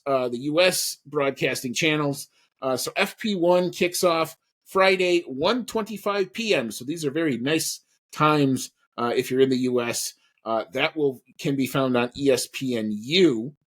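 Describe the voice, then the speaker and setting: A man co-hosting a podcast in casual chat, rambling with lots of fillers and restarts. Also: medium pitch. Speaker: podcast co-host.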